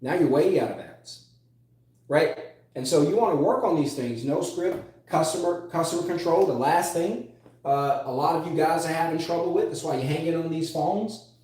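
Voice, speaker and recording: A man's voice: a little high, moderate pace, darkish tone. A man teaching sales as a coach, emphatic, repeating key phrases and drawing out words for stress. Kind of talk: motivational sales lesson. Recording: echoey room.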